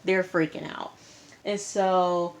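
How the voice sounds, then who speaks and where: A woman's voice: fairly low pitch, fairly even intonation, slow, slight background noise. A woman casually recapping a reality TV episode in a chatty, slangy, exasperated way. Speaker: TV show reviewer.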